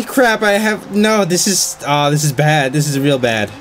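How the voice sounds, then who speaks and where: A man giving excited, frantic commentary while playing a wrestling video game, groaning one moment and yelping the next. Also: fairly high pitch, measured pace, hardly any pauses, very noisy. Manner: frantic, swings between groans and yelps. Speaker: gaming channel host.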